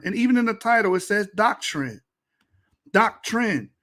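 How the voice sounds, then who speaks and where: Bright, high-voiced mocking commentator man. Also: animated, unhurried. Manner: mocking, laughing, profane. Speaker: reaction commentator. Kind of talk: casual reaction commentary.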